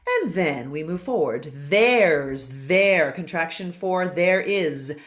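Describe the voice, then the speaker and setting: Woman voice teacher, slow and deliberate, low-ish pitch, over-enunciating pronunciation drills. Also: expressive. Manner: demonstrates sounds, over-enunciates words.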